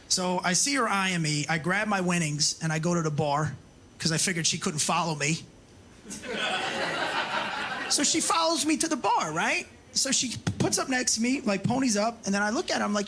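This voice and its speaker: A man's voice: high-pitched, lively intonation, a little fast, sharp tone. A male stand-up comedian telling a story in a brash, profane way, tagging his lines with "right?".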